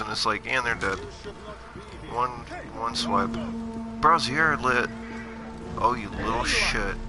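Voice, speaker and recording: A man's voice: medium pitch, slow. A man giving casual, rambling commentary while playing a game, joking about himself as he goes. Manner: joking, rambling, self-deprecating. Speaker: gaming livestreamer. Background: game music.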